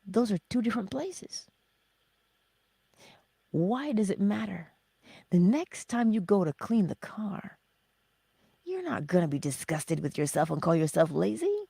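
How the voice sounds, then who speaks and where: Gravelly-voiced woman, lively and whispery. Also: mid-range voice, no echo. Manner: slow, emphatic, often dropping to a breathy whisper; acts out her own self-talk in little voices. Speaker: livestream host. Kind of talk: motivational livestream talk.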